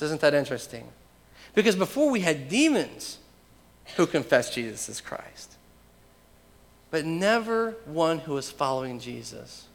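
A male pastor preaching a sermon, emphatic, swinging from loud proclamations to hushed asides. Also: on the high side, long reverb tail.

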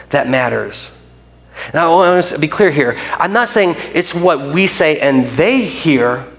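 A man pastor giving a casual, rambling sermon in a folksy way, often restarting and adding asides. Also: fairly high pitch. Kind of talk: conversational sermon. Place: church sanctuary.

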